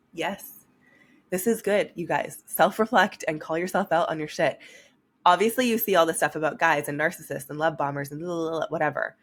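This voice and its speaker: A young woman hosting a solo podcast, talking frankly and with energy, swearing casually and addressing her listeners directly. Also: low voice. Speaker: podcast host. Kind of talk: candid solo podcast talk.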